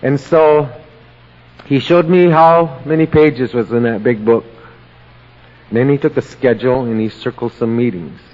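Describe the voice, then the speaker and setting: Man telling his story in a reverberant hall. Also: medium pitch. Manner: slow, plain-spoken storytelling with pauses. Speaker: AA meeting speaker. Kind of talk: personal recovery story told to a meeting. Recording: lo-fi audio with long hall reverb.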